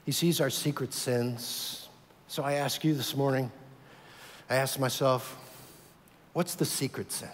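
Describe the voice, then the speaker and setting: Pastor guy preaching, kinda high voice, big echoey church hall, goes loud then real quiet. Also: normal speed. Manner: dramatic, acts out voices of God and worshippers, swings from loud to hushed. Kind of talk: sermon. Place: church sanctuary. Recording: long hall reverb.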